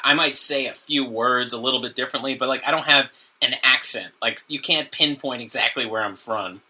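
A man's voice: mid-range voice, brisk, bright, forceful tone, breathy edge. A man co-hosting a podcast, chatting casually and joking with frequent laughs. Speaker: podcast co-host. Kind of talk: casual chat.

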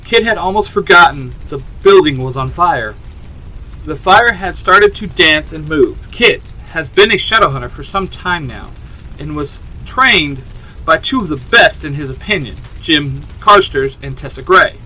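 A man's voice: a little high, animated, measured pace, bright, forceful tone, poor audio. A man reading a fan fiction story aloud, doing all the characters' lines himself with little change of voice. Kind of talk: storytelling narration.

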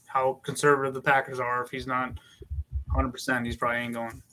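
Sex: man. Role: podcast panelist. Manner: quick, confident calls. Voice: bright, flat intonation, fast. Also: medium pitch, a little hiss or hum, poor audio. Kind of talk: casual sports podcast chat.

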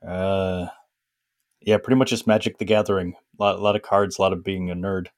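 A man's voice: low-pitched, little pitch movement, a little fast, dry recording, studio quality. A man co-hosting a casual podcast, speaking in a hesitant, self-deprecating way. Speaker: podcast co-host. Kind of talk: casual chat.

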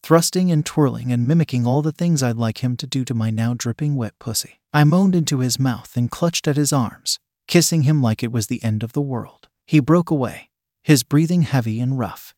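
Male narrator, erotic audiobook, steady reading, middle pitch, dry close sound. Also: moderate pace, dry recording.

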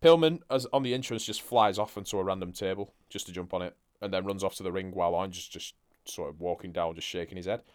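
Low-voiced bloke recapping wrestling on a podcast, laid back, swears a lot. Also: male voice, quick pace, few pauses. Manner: laid-back, swears casually, chuckles often. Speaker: podcast co-host. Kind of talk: casual wrestling watch-along chat.

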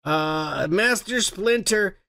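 Gravelly, bright-voiced man joking around. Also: sits high, expressive, slow pace. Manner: teasing, joking. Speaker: podcast co-host. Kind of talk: casual podcast chat.

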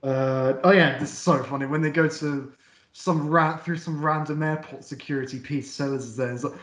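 A man's voice: fairly high pitch, steady tone, fairly quick, a bit bright, echoey room. A man co-hosting a film review podcast, hesitant and full of ums as he reads funny lines from his notes. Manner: hesitant, many ums, laughs at own notes. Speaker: podcast co-host. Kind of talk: casual film review chat.

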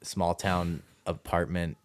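A man's voice: low-pitched, little pitch movement, takes it slowly, dry recording. A man co-hosting a podcast, talking through a film casually with many fillers and restarts. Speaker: podcast co-host.

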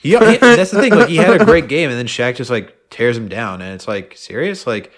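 A man's voice: mid-range voice, animated, brisk, a bit bright. A man co-hosting a casual sports podcast, rambling and fired up with lots of fillers. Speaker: podcast co-host.

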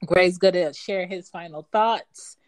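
Lively woman co-hosting a podcast. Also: on the low side, unhurried, no echo. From moved to Atlanta as a teen. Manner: animated storytelling, laughs often. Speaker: podcast co-host. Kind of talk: casual chat.

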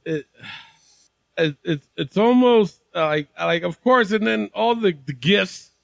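A man hosting a wrestling podcast, talking loudly and excitably and swearing freely in casual chat. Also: high-pitched, measured pace, vocal fry, no echo. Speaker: podcast host.

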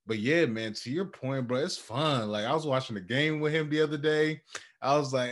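A young man co-hosting a podcast in casual chat, animated and dropping into quoted voices as he tells stories. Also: medium pitch, normal speed. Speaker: podcast co-host.

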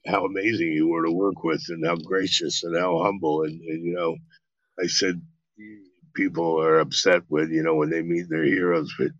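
A middle-aged man, an actor being interviewed, telling stories in a casual, animated and profane way, acting out quotes. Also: low-pitched, normal speed, no room sound, lo-fi sound. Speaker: actor guest.

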